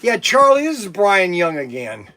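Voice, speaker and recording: A man with a notably high speaking voice talks straight to camera in a loose, meandering monologue. He drifts from one complaint to the next and grumbles as he goes, the way a hobby channel host chats with his regulars. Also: very animated, normal speed, sharp tone. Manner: meandering storyteller, grumbling asides. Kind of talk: casual rambling monologue to camera.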